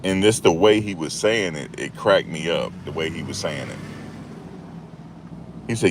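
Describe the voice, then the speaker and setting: A man's voice: very deep voice, moderate pace, long pauses, slight background noise. A man hosting a casual commentary monologue, chatty and repetitive, laughing at the story he tells. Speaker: YouTube commentary host.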